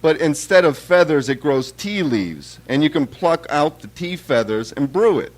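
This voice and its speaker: A man's voice: fairly high pitch, expressive, moderate pace, pitched above the performer's own voice. A man voicing an insistent male tea seller at a market, within a live poetry reading.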